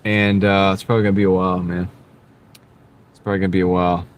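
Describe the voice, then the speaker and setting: A man's voice: low voice, flat delivery, fast. A man chatting casually with viewers while he drives for a delivery app, joking between orders, on a clip-on mic inside a car. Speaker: delivery driver streaming live. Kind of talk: casual live-stream chat while driving. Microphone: wireless clip-on mic.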